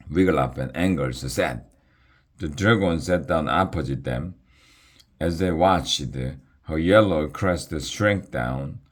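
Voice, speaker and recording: Deep slow male storybook narrator. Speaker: reader. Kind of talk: audiobook narration.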